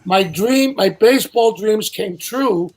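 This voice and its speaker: An older man telling casual anecdotes as a guest, animated and acting out the people he quotes. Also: high-pitched, slow pace. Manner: animated storyteller who acts out quotes. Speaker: guest storyteller.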